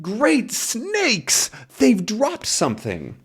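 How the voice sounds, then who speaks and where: A man's voice: huge pitch swings, drawn-out words, a bit bright, slightly rough, full character voice. A brave young comic-book reporter who exclaims at everything, as a man acts him out. His voice sits well above the reader's own and swings up and down. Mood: astonished. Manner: high and exclamatory. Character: young male reporter hero, brave and excitable.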